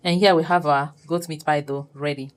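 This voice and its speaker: A low-pitched woman walks viewers through a recipe, step by step. She speaks in a relaxed, chatty way and breaks into laughter now and then. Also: brisk, faint music behind, low-quality recording. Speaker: cooking channel host. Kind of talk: casual cooking tutorial narration.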